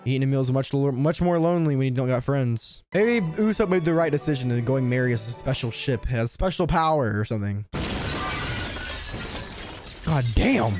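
A young man reacting to an anime, excitable and profane, with lots of slang. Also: mid-range voice, moderate pace, music in the background. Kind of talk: casual reaction commentary.

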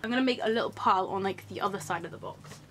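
A woman's voice: medium pitch, rapid-fire, a bit bright, slight background noise. A young woman chatting through an unboxing video, gushing and gasping often, her talk full of "like" fillers. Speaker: vlogger.

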